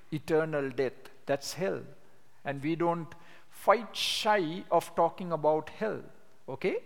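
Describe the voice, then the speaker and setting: A man preaching a sermon, emphatic, slowing down to stress key words. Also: a little high. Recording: long hall reverb.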